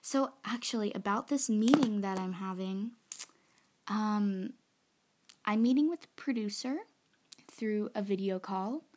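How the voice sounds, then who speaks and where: Young female vlogger, chatty and rambling, unhurried delivery, nervous and excited. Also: medium pitch, slight background noise. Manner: chatty and rambling, with frequent fillers and laughs. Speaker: aspiring singer-songwriter. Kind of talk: casual vlog chat.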